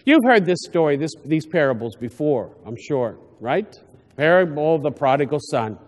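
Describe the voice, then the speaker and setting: A man's voice: fairly high pitch, big pitch swings. Guy priest giving a homily, stop-start chatty way of talking, big echoey church sound. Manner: conversational, halting with frequent restarts. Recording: long church reverb.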